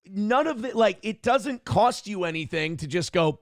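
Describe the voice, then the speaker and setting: A man's voice: sits high, lively intonation, normal speed, dry recording, clean studio sound. Snarky, smug man ranting. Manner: mocking, taunting asides. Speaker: streamer host. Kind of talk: casual ranting commentary.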